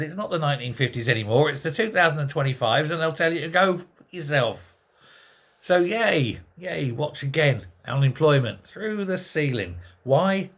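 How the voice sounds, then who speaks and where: A man's voice: fairly high pitch, sing-song, normal speed, a bit bright, husky. A man hosting a sarcastic, exasperated political commentary monologue full of rhetorical questions. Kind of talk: ranting monologue.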